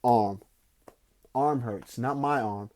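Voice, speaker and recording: Mellow, slangy young man rambling. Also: mid-range voice. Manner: loose, slangy and profane, swings between slow musing and excited bursts. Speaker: podcast host. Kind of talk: casual rambling storytelling.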